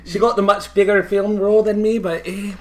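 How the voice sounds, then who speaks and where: A man's voice: high voice, little pitch movement, brisk, crowd noise, voice pushed up, close to an everyday voice. Man putting on a fussy old Scottish nanny. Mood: chatty. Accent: put-on Scottish. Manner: genteel, fussy, calls everyone dear. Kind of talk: comedic character skit.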